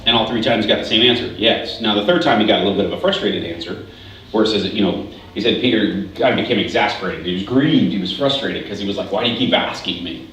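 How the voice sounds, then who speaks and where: A man's voice: fairly low pitch, fast, fairly bright tone, far from the mic. A man giving a casual, conversational sermon as pastor, often restarting and checking in with "right?" asides. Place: church hall. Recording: very echoey hall, voice from afar, faint hiss.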